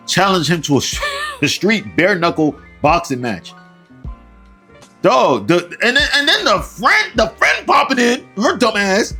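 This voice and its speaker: A man's voice: high-pitched, very animated, measured pace, sharp tone, slightly rough, soft background music. A man hosting a reaction show, ranting in exasperation and laughing often as he comments. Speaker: reaction channel host.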